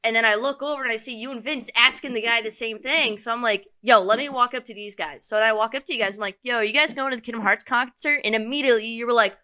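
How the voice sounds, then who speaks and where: A young woman co-hosts a casual podcast chat, telling stories in an animated way and swearing freely. Her voice sits a little high and sounds bright. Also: quick pace, hardly any pauses. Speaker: podcast co-host.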